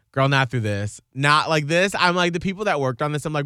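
A man's voice: fairly high pitch, animated, fairly quick, hardly any pauses, sharp tone, smooth, dry recording, studio quality. A man co-hosting a radio show, chatting casually and emphatically, often slipping into quoted voices. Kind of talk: casual chat.

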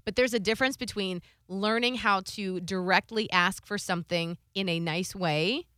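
A woman in her thirties chatting casually on a podcast, telling a story in a lively way and acting out what people said. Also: medium pitch, normal speed, dry recording, studio quality. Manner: animated storytelling, acts out quotes. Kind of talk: casual chat.

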